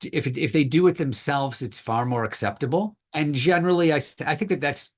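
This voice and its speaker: A man's voice: on the high side, fairly quick. A male historian being interviewed on a podcast, explaining thoughtfully with many hedges and fillers. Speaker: historian guest.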